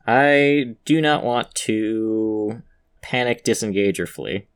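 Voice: medium pitch, slow pace, smooth. A player casually chatting during a tabletop game, dry in manner.

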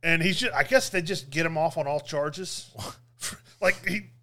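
A man with a fairly high, bright, forceful voice, chatting casually on a podcast. He rambles through a movie recap, full of fillers and little laughs. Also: unhurried. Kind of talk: casual chat.

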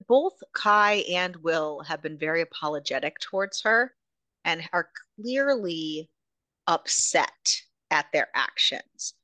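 A woman's voice: lowish voice, pushed and bright, dry recording. A woman hosting a podcast, casually recapping a novel's plot, swearing freely and retelling scenes. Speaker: podcast host. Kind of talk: casual book recap chat.

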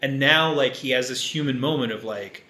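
A man's voice: mid-range voice, fairly quick, reverberant. A man co-hosting a podcast, chatting casually about a film and retelling scenes with lots of swearing. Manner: profane, animated retelling of scenes. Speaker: podcast co-host. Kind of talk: casual film review chat.

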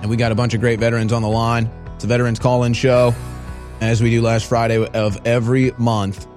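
A man hosting a call-in radio show, taking callers and breaking into animated mocking impressions. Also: brisk, faint music behind. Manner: animated, jumps into high mocking voices for impressions. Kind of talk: talk radio host taking calls.

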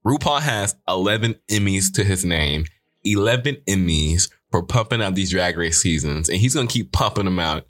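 A man hosting a casual commentary show, animated and sarcastic, swearing often. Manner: animated, sarcastic, swearing, quick pitch swings. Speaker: show host.

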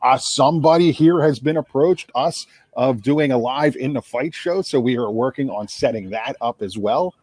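A man's voice: medium pitch, normal speed, few pauses, a little mellow, husky, dry recording. A man with a South Jersey accent co-hosting a sports radio show, chatty and rambling, repeating words as he thinks. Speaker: podcast co-host. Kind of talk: casual sports radio chat.

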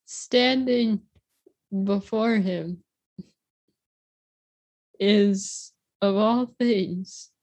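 A woman's voice: medium pitch, extremely slow, gravelly, long pauses, darkish tone, dry recording. A woman improvising a playful story and keeping time, teasing her partner and often laughing.

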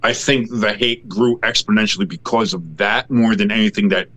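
A man co-hosting a casual sports podcast, talking in a rambling, halting way with many fillers and restarts. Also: fairly low pitch, fairly even intonation, a bit bright. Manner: rambling, halting with many fillers, then a profane ranting tirade.

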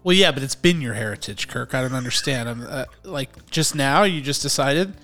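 A man's voice: medium pitch, expressive, normal speed, bright, forceful tone, faint music behind. A man co-hosting a casual movie-news podcast, chatty and rambling, who often restarts his sentences and laughs easily. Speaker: podcast co-host.

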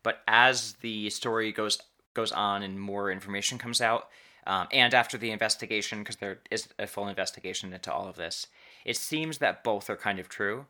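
Low, bright-voiced man telling a story. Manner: halting, restarts and stretched emphasis on key words. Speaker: podcast host telling a true story. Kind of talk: casual storytelling chat.

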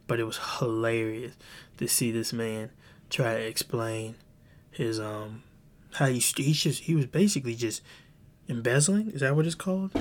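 A man hosting a podcast, telling a story in rambling casual chat with many restarts and some swearing. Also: mid-range voice. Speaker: podcast host.

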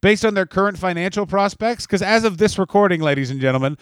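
A man's voice: high voice, expressive, quick pace, smooth, dry recording. A man co-hosting a podcast in casual chat, swearing freely and riffing into mock announcements. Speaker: podcast co-host.

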